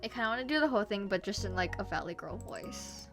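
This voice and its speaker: A woman's voice: mid-range voice, fairly quick, hardly any pauses, faint music behind. A woman narrating her animation vlog in a chatty, self-deprecating way. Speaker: animation YouTuber.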